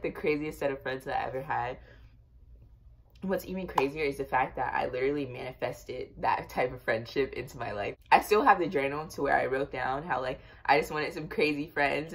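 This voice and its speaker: A young woman casually telling a storytime tale to her viewers, chatty and animated, with lots of fillers. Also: deep voice. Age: young adult. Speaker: vlogger.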